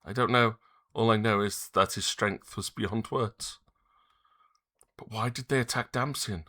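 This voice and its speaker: A man voicing a young grieving male prince who speaks softly and pleadingly, reading game dialogue aloud. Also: on the low side, measured pace, voice pushed up. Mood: sorrowful. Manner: soft and pleading.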